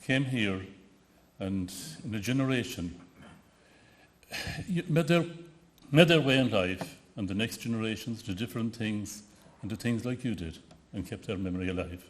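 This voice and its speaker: Here the award ceremony speaker, a west of Ireland man with a Connemara accent, sounds fairly low-pitched, moving at a moderate pace and pausing often. He tells anecdotes in tribute, hesitating and restarting again and again.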